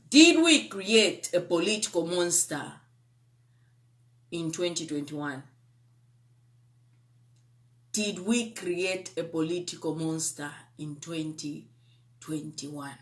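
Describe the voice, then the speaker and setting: A woman's voice: on the low side, fairly bright tone. A young adult woman with a Zambian accent giving live-streamed political commentary. She speaks emphatically, repeats herself, asks viewers rhetorical questions and mixes in local-language phrases.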